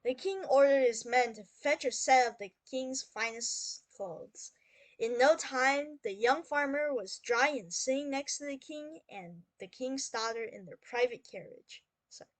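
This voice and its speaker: Slow, dry-voiced woman reading a fairy tale. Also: high-pitched, no room sound. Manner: slow, clear, explains then reads aloud. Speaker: English teacher reading a story. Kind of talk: storybook read-aloud for learners.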